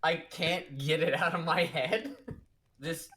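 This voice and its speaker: A man's voice: fairly high pitch, slow pace, crowd noise. A man co-hosting a comedic book review podcast, sarcastic and profane, laughing often. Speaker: podcast co-host.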